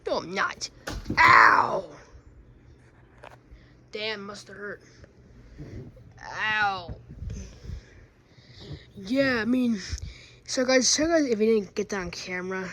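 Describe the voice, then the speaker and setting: A woman's voice: medium pitch, pushed and bright, a little hiss or hum. A woman playing out scenes with plush toys, playfully switching between character voices and asides to viewers. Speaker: plush toy video maker.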